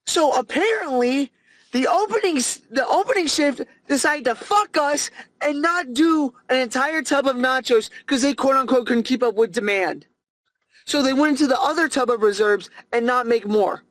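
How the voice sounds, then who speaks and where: A young adult podcast host, telling a story in a profane, ranting, animated way. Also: sits high, moderate pace, no echo, low-quality recording. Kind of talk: casual comedic storytelling.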